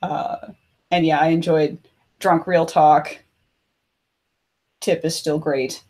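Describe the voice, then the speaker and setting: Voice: mid-range voice, little pitch movement, takes it slowly, a little mellow. A player in a tabletop game chatting upbeat about the session. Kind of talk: casual post-game chat.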